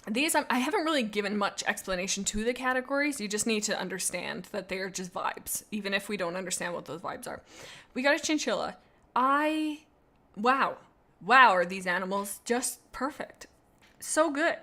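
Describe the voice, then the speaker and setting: A woman's voice: medium pitch, expressive, moderate pace, pushed and bright. A woman streamer chatting casually on a live stream and reading viewer comments, in a playful, goofy way that rambles and often breaks off to restart. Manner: rambling and self-interrupting, with many restarts and asides.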